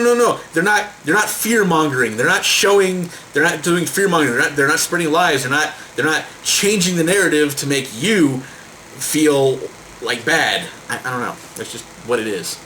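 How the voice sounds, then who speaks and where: An exasperated man rants to his camera, swearing freely and stumbling over repeated words. His voice is bright and forceful, swings widely in pitch, and sits a little high. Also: slight background noise, poor audio. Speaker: vlogger. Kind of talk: heated rant to camera.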